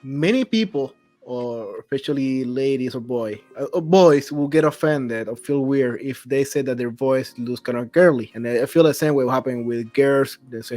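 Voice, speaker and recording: Man as podcast host, fairly high voice, eager and stumbling over words, faint music behind. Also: animated. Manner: enthusiastic, with halting restarts. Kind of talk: casual podcast interview.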